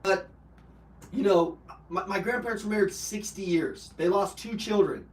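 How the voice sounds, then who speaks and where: A man's voice: high voice, moderate pace. A man hosting a live personal development call, telling an emotional personal story bluntly with swearing and fillers. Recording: roomy, from a distance.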